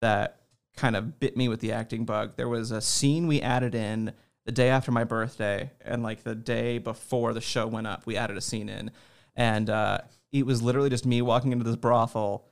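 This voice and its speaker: A man chatting as an interview guest, his voice rough with a steady gravelly edge. He tells loose, self-deprecating stories and laughs often. The talk is casual and unhurried. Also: medium pitch. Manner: relaxed, self-deprecating storytelling. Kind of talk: casual chat.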